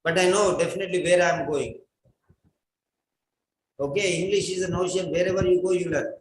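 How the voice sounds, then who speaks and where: A man's voice: high-pitched, steady tone, fairly quick, a little hiss or hum. A man teaching an English writing class, giving a lecture and drilling instructions by repeating them again and again. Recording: echoey room.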